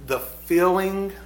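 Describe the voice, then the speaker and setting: A man's voice: high voice, a little hiss or hum. Reflective preacher man in an echoey room. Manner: reflective, repeats phrases, swells in emphasis. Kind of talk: sermon.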